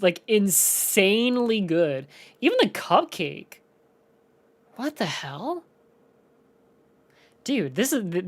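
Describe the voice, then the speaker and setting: A woman streamer chats loosely with her viewers as she plays, often laughing. Her voice sits low for a woman. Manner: casual, laughs often, talks to chat. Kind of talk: gaming stream chat.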